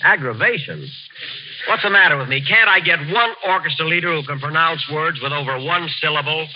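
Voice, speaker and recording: A man's voice: fairly high pitch, quick pace. A man hosting a 1940s radio comedy, vain and indignant, hesitating with uh's. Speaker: comedian host. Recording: dull old radio broadcast.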